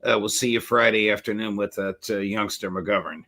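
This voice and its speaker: A man hosts a political interview program in a somewhat low voice. He talks in a measured way and pauses often between phrases. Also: steady tone, creaky, sharp tone. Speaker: host.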